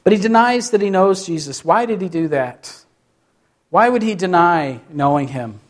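A man's voice: sits high, expressive, moderate pace. A man, a pastor, preaching a sermon with many questions to the listeners and short acted-out quotes.

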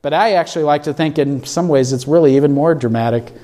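A man's voice: a little high, fast. A man preaching a sermon as pastor in a church, asking the congregation questions as he goes. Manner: asks the congregation questions, animated.

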